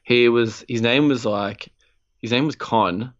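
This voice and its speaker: A young Australian man co-hosting a podcast, telling a story in animated, sweary casual chat and acting out the quotes. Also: mid-range voice, measured pace, lo-fi sound. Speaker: podcast co-host.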